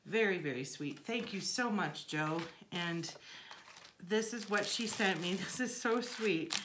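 A woman's voice: medium pitch, takes it slowly, noisy background. A woman hosting a casual crafting vlog, unboxing gifts and repeating her thanks, still recovering from the flu. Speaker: crafting channel host.

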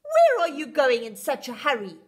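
A woman voicing a good-humoured male astronaut in a children's story, speaking loudly. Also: sits high, wildly swooping pitch, moderate pace. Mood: startled.

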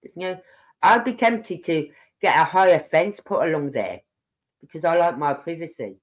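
An older live-stream host chats casually and at length. The talk wanders from topic to topic and keeps turning back to the audience. The voice sits at an ordinary middle pitch. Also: lively intonation, moderate pace. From Birmingham, England. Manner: rambling, chatty, talks straight to viewers. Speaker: livestream host.

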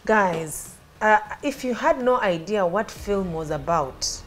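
A woman's voice: mid-range voice, animated, takes it slowly. A woman with a Ugandan accent hosting a talk show, asking probing questions. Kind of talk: casual interview chat.

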